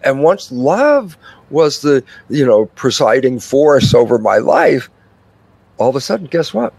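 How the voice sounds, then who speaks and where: A man's voice: medium pitch, measured pace, vocal fry, slightly rough, dry recording. An older man, an interview guest, explaining his ideas at length and acting out little dialogues with himself. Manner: animated storytelling, acts out dialogue with himself. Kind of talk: expansive conversational explanation.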